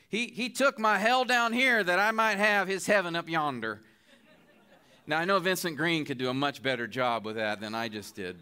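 A man's voice: a little high, sharp tone, clean tone. A middle-aged man preaching a sermon, earnest and pleading as he makes his appeals. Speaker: guest preacher.

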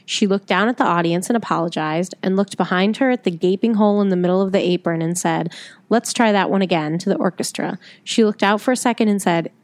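A woman's voice: medium pitch, fast talker, no room sound. Easygoing woman podcast co-host, dry sound. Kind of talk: casual chat, reading a listener email.

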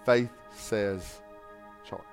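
A male pastor preaching a sermon, swinging from quiet, low asides to loud, repeated shouted refrains. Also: fairly even intonation, very slow, faint music behind.

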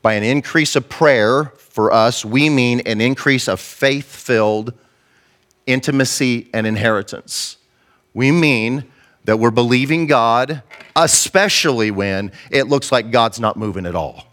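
A male pastor delivering a sermon in an impassioned, conversational manner. He slips into acted-out quotes as he tells his stories. His voice sits at an ordinary middle pitch. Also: unhurried, fairly bright tone.

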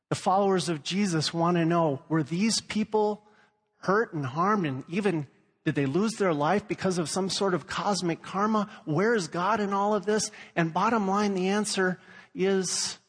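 A man's voice: on the high side, a little slow, big-room sound. A man from Louisiana preaching a sermon and telling stories, acting out the voices he quotes. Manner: storytelling, acts out quoted voices. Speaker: pastor.

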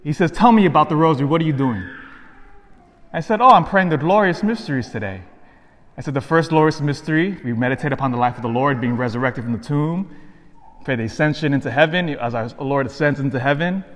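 A Catholic priest delivers a sermon in a somewhat high voice. He tells a personal story earnestly and acts out each side of the conversation. His words ring out with the long reverb of a church. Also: lively intonation, fast talker, fairly bright tone.

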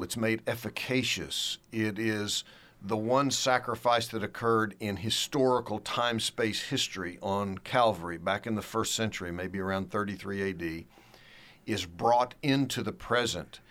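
A man in a theological discussion, explaining doctrine in a measured way and slowing down to stress key words. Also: fairly low pitch, fairly bright tone. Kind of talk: theological discussion, reading quotes.

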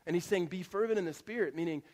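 A man preaching a sermon as a pastor to a church congregation, talking in a conversational, animated way with frequent restarts. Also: high voice, quick pace. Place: church auditorium. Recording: long hall reverb.

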